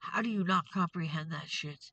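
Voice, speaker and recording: A woman's voice: on the low side, brisk, fairly bright tone, no echo, dull audio. A woman hosting a tarot reading vlog, ranting in an angry, profane, confrontational way. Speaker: tarot reader and show host.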